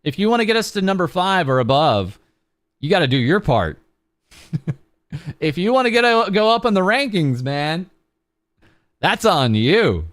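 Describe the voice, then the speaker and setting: Young guy vtuber rambling on stream, bouncy up-and-down voice, smooth and dry sounding. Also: high voice, sing-song, normal speed, pauses often, fairly bright tone, no room sound. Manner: rambling, self-mocking, with lots of ums and uhs. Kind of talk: casual charity livestream chat.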